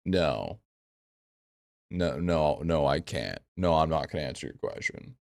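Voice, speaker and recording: A man's voice: extremely low pitch, expressive, a little slow, creaky, no echo, studio quality. A man streaming a game live, chatting casually with viewers in a blunt, profane way and repeating his phrases.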